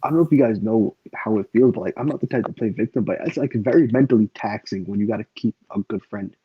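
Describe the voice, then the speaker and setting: A man's voice: lowish voice, quick pace, slightly rough, no echo. A man hosting a casual podcast chat, rambling and swearing freely, with plenty of fillers. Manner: rambling and profane, stacked with fillers. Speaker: podcast host. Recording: dull lo-fi recording.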